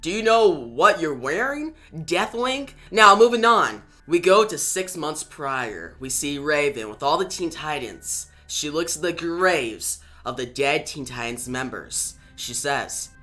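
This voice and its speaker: A man's voice: fairly high pitch, lively intonation, a little slow, hardly any pauses, pushed and bright, soft background music. A man reviewing a comic book, retelling the story in a casual way with chatty asides.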